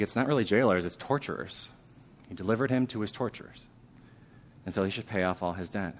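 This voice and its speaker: A medium-pitched male voice delivers a conversational sermon. He asks the congregation questions and falls to a hushed tone for the weighty lines.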